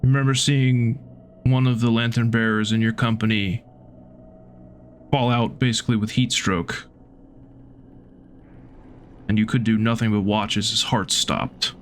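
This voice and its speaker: A man's voice: lowish voice, fairly even intonation, a little slow, long pauses, slight background noise. A man narrating a tabletop game as game master, in a casual way, laughing with the players. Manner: casual, laughing, acts out figures.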